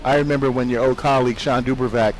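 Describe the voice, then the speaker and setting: A man's voice: mid-range voice, steady tone, quick pace, poor audio. A man hosting a tech show, asking long, rambling questions in an on-site interview.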